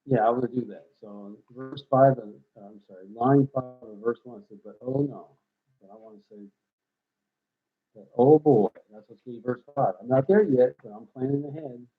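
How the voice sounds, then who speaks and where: A middle-aged man thinks aloud while writing rhymes on a live stream, drifting between quiet mumbles and louder bursts. His voice is husky and a bit rough. It comes through a narrow, tinny line that sounds like a phone call. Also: mid-range voice, a little fast. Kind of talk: casual live-stream chat.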